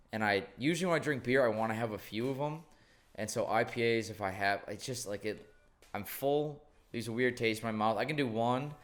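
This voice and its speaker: A young man hosting a podcast, telling stories in a loose, rambling way and swearing freely. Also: medium pitch. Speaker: podcast host. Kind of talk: casual chat.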